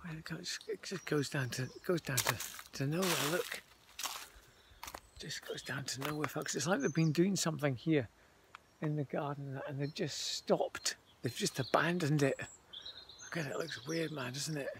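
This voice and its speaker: A vlogger walks around town filming on a handheld phone, rambling casually to viewers he calls folks. His voice is fairly high with vocal fry, at a moderate pace, over background noise.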